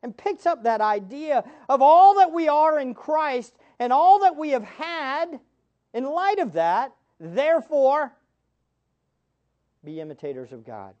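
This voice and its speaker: A man's voice: very high voice, big pitch swings, measured pace, a little mellow. A male pastor preaching a sermon, emphatic and direct with his listeners, often repeating his key phrases. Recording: dull lo-fi sermon recording.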